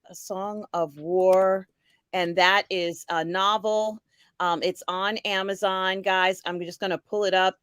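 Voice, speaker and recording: A cheerful woman hosts a relaxed live-stream chat, greeting guests and reading out viewer comments. Her voice sits at an ordinary middle pitch. The sound is dry and close, with no room around it. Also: slow, clean tone, no room sound. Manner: upbeat, reads viewer comments aloud. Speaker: host.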